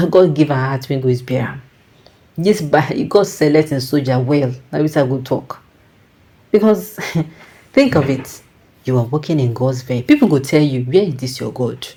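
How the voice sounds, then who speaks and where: A woman's voice: low-pitched, expressive, normal speed, mellow. A Nigerian woman giving reflective casual commentary, slipping into Pidgin and restarting her sentences.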